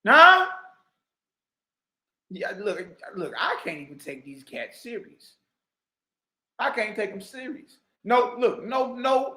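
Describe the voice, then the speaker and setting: High bright mocking man, roomy echo. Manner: mocking, repetitive, bursts into shouting. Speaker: online commentator. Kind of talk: heated reaction commentary.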